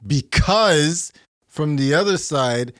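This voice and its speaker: A man's voice: fairly high pitch, lively intonation, slow, clear, resonant tone, no echo. Regular guy podcast cohost, chuckling a lot, dry dead room sound. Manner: laughs a lot, chimes in, retells conversations. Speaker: podcast co-host. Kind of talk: casual chat.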